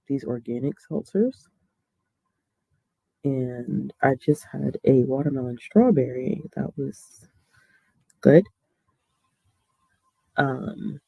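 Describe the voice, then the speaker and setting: A woman's voice: rumbling low, dark tone, breathy edge. A woman hosting a casual reading livestream from home, chatting easily with frequent ums and laughter. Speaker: livestream host. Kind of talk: casual chat.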